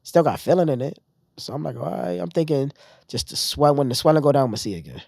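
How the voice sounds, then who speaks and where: A man's voice: on the high side, fast, creaky, no room sound, clean studio sound. A man telling his own story in a casual interview, acting out what other people said to him. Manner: animated retelling, acting out others' lines. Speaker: podcast guest.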